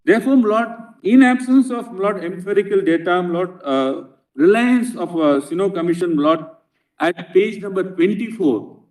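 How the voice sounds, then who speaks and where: A man's voice: high-pitched, moderate pace, a little mellow. A man with an Indian English accent arguing a legal case before a bench in a courtroom, earnestly addressing the judges as "Lord" before nearly every phrase. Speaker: advocate. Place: large courtroom. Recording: echoey courtroom, distant mic.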